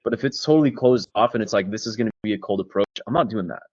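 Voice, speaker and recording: A man's voice: on the low side, racing, darkish tone, slightly rough, no echo, lo-fi sound. A man coaching on casual talk, swearing freely and acting out both sides of bar conversations. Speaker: dating coach. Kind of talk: casual coaching chat with role-played examples.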